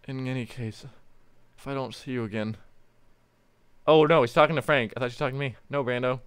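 A man at a home mic, clowning around between voice-acting takes with self-mocking rambles and sudden loud line reads. His tone is smooth and clear, recorded close and dry with no room sound. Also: medium pitch, no room sound. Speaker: voice actor recording lines.

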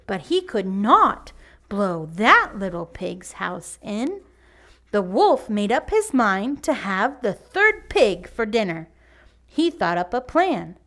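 A woman leading a children's church lesson, reading a storybook in a slow, patient teacher's manner. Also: fairly high pitch, big pitch swings, fairly bright tone. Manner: slow, patient, sing-song teacher delivery.

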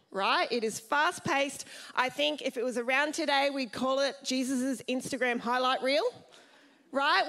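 A woman pastor giving a sermon in a lively, chatty way, often asking the congregation questions. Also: sits high.

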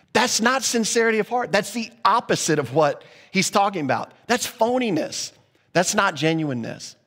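A man preaches with earnest, conversational energy, circling back and restarting phrases as he works through a point. His voice sits fairly high for a man. The sound rings with the long reverb of a large hall. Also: big pitch swings, normal speed, a bit bright. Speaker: pastor. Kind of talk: sermon.

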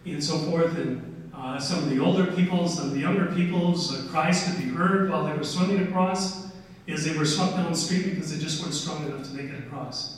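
This history presenter, an older man, speaks a little high and fairly quickly, spinning folksy stories through a relaxed slide lecture peppered with "uh" and "okay." A room microphone picks him up from a distance in a big hall full of echo.

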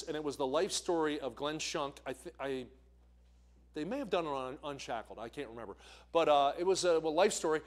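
A man from the American Northeast preaching a sermon as a visiting evangelist, telling stories and putting questions to the congregation. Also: on the high side. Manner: storytelling, asks the congregation questions. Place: church sanctuary.

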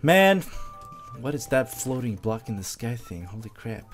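A man doing excitable let's play commentary, yelping when startled. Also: lowish voice, normal speed, faint music behind. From Sweden. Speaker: gameplay commentator.

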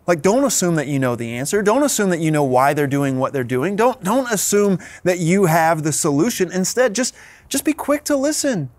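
Man pastor, thirties, earnest sermon, somewhat high voice, dry close sound. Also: very animated, moderate pace, a little mellow, dry recording. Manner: earnest, repeats words as he restarts.

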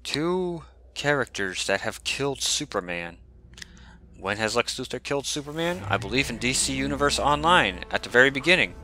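A man giving casual gameplay commentary, excitable, swearing and shouting at the game as he plays. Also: mid-range voice, normal speed, a little hiss or hum. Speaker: video game player. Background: game music.

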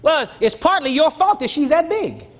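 An older man preaching a sermon to a congregation, teasing and blunt, rising to shouts and dropping low. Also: very animated, moderate pace. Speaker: pastor. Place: church. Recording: dull lo-fi church recording, faint crowd.

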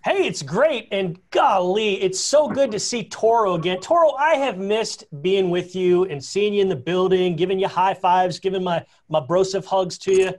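A man's voice: sits high, animated, moderate pace, few pauses. A man, a team insider, chatting on a video call in a gushing, talkative way that he calls being a gabber. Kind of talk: casual chat.

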